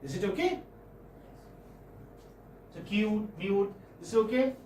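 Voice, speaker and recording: A man with an Indian English accent giving a classroom phonetics lecture, halting and often checking in with students. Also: high-pitched, lively intonation, darkish tone, slight background noise. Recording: roomy classroom audio from far off.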